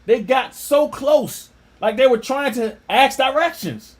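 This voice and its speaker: Male religious teacher reading aloud, high pitched and lively, with scornful asides. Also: a little slow. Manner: animated, scornful asides with laughter.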